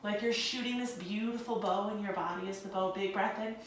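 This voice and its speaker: A woman's voice: mid-range voice, fairly even intonation, fairly quick, slight background noise. A young woman teaching a guided yoga class, speaking in a soothing, encouraging way and calling her listeners friends. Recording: echoey room from a distance.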